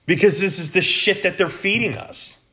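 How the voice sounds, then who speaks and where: A man's voice: high-pitched, normal speed, pushed and bright. A man hosting a political podcast, delivering an angry, profane rant in a blunt, heated way. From United States.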